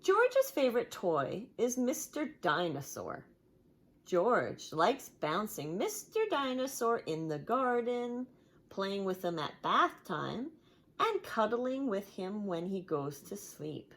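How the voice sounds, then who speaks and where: A woman reading a picture book aloud to young children, as a teacher would, with an expressive storytelling manner. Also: medium pitch, slow.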